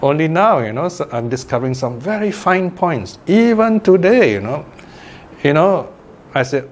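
A man's voice: fairly high pitch, sing-song, normal speed. Older man giving a chatty Dhamma class. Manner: chatty, checks in with listeners by asking "okay?" and "right?". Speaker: Buddhist meditation teacher. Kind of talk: informal Dhamma class talk.

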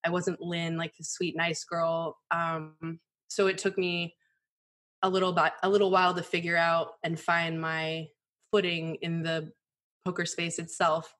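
A woman in her thirties, a poker journalist as guest, telling candid stories in a casual, animated way with many "like" fillers. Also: lowish voice, a little slow. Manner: animated, frequent "like" fillers, mimics voices in quotes. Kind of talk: candid conversational storytelling.

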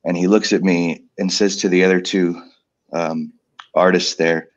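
A man telling a personal story in a casual panel, halting and pausing with fillers. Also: sits low, steady tone. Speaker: guest author. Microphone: video call.

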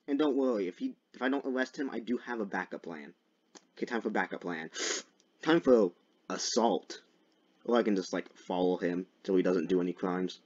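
A man's voice: deep voice, normal speed, husky, lo-fi sound. Young man doing joking game commentary. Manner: jokey, swings into loud mock-dramatic shouts. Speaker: gaming video creator. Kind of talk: gameplay commentary.

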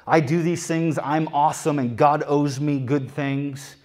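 A man preaching a sermon, conversational and emphatic, dropping soft and then building loud, and repeating key phrases. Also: a little high, steady tone, unhurried.

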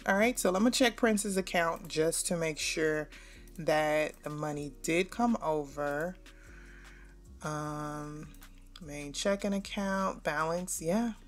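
A woman's voice: low-pitched, slow pace, faint music behind. A young adult woman hosting a gaming channel, chatting straight to her viewers as she plays. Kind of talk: casual gameplay commentary.

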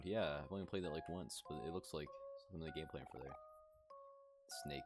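A man's voice: a bass voice, a little fast, over music. A man streaming a video game, casually commenting and mumbling item text aloud. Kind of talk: casual let's-play commentary. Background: game soundtrack.

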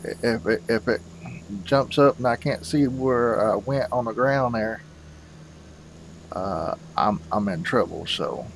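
A man's voice: mid-range voice, slow pace, creaky, pauses often, a little hiss or hum, poor audio. A man hosting a farming game video, rambling casually and calling his viewers "folks". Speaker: gaming channel host.

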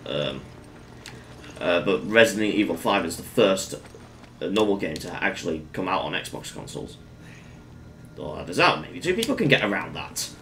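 A man giving casual gameplay commentary in a fairly low voice. His pitch swings widely as he bursts into excited exclamations between relaxed remarks. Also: moderate pace, long pauses, a little hiss or hum. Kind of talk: casual let's-play commentary.

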